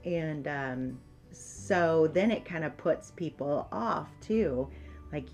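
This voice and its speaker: Woman podcast co-host, low voice, unhurried, earnest chat, stops and restarts, faint music under. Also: expressive, a little mellow.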